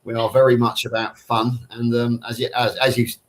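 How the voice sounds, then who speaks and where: A man's voice: mid-range voice, level tone, normal speed. A man chats casually on a panel in a dry, joking way. He stumbles and restarts his sentences now and then. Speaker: panel guest. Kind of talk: casual chat.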